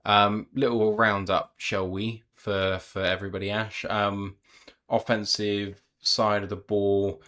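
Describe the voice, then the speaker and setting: A British man hosting a live reaction stream, commentating on plays in quick bursts and reading viewer comments aloud. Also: fairly low pitch, flat delivery, bright, forceful tone. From United Kingdom. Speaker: podcast co-host and play-by-play commentator.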